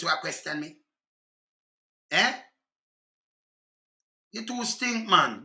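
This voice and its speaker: A man's voice: high voice, animated, takes it slowly, long pauses, pushed and bright, roomy sound. A man with a Jamaican accent in an angry, profane rant reacting to clips. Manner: heated, profane, scolding.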